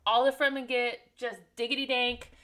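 Bright high-voiced woman recapping with jokes. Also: level tone, smooth. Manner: jokey, irreverent, acts out characters in quick voices. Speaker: podcast co-host. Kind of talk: casual chat, recapping a book chapter.

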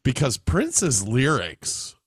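A man co-hosting a podcast in casual chat, halting at times and laughing often. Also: medium pitch, wildly swooping pitch, slightly rough, no echo, studio quality. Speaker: podcast co-host.

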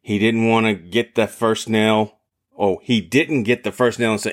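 A man preaches a sermon in a fairly low voice. He drives his points home with emphatic repetition and steady conviction. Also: normal speed.

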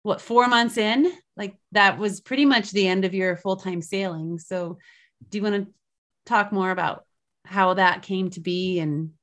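A woman's voice: medium pitch, unhurried, a bit bright. A woman hosting an interview, asking in a friendly, chatty way. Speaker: host. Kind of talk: casual interview.

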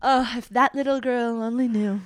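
A woman guest comedian on a casual podcast, trading sarcastic deadpan jokes. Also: fairly high pitch, normal speed, dry recording.

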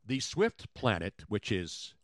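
A man's voice: lowish voice, big pitch swings, takes it slowly, no echo, clean studio sound. A man co-hosting a podcast, bantering casually with playful jokes and wordplay. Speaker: podcast co-host.

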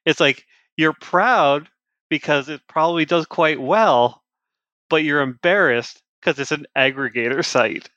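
A man co-hosting a comics podcast in casual chat, animated, acting out lines in voices. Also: a little high, unhurried, dry recording, highs cut off. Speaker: podcast co-host.

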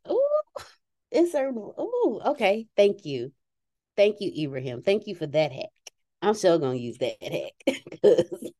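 A woman hosting a casual talk show, laughing often and dropping into quiet asides. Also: fairly low pitch. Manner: animated, laughs often, drops to a hushed aside. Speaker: host. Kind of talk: casual chat.

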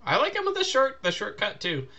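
A man's voice: sits high, wildly swooping pitch, a little fast, sharp tone. A man co-hosting a casual podcast, laughing often and rambling. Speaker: podcast co-host. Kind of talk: casual chat.

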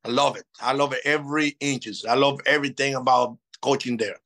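A man in his fifties, a native Spanish speaker, telling lively stories in a casual interview and acting out old conversations. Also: medium pitch, a little fast, low-quality recording. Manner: animated, acts out past dialogue. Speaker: interview guest.

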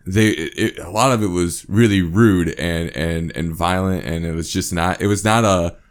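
A man's voice: low-pitched, moderate pace. A man in casual conversation, laid-back and a little hesitant, laughing often. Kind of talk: casual chat.

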